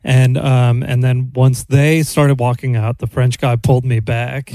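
An Australian man in his thirties hosts a podcast, telling a story in a casual, animated, profane way and acting out the quotes. His voice is medium-pitched and a little slow, with no echo.

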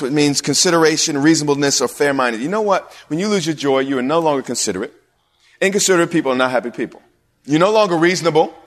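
A male pastor preaching a sermon in a church hall, animated, with sudden drops to a near-whisper. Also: a little high. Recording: long hall reverb.

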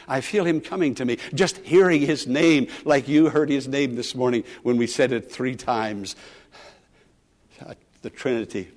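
A man pastor preaching a sermon, calling out with rising emotion and dropping to soft, quiet asides. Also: medium pitch.

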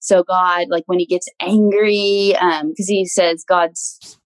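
A young woman guest in a casual interview, earnest and warm, laughing often as she talks. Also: lowish voice, steady tone, slow, no room sound, rough recording. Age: young adult.

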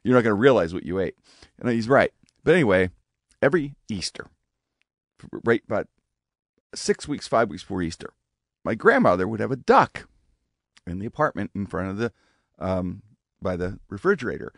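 A man telling family stories as a guest on a radio show, with an animated manner that acts out the voices of relatives. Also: fairly low pitch, normal speed, vocal fry, long pauses, dry recording, studio quality. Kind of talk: casual storytelling. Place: radio studio.

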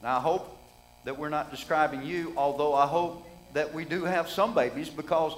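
A man's voice: fairly high pitch, steady tone, moderate pace, poor audio. A middle-aged man preaching a sermon in a folksy, conversational way, asking the congregation rhetorical questions.

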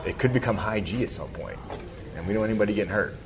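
A man co-hosting a talk show from a store, enthusiastic and quick, laughing often. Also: lowish voice. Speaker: radio show co-host. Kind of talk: lively casual chat. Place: busy retail store. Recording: busy store crowd noise. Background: crowd chatter.

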